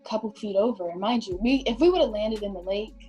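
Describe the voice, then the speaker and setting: Young woman, mellow storyteller. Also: medium pitch, fast talker, faint music behind. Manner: vivid storytelling with many fillers. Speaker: guest. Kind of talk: casual storytelling.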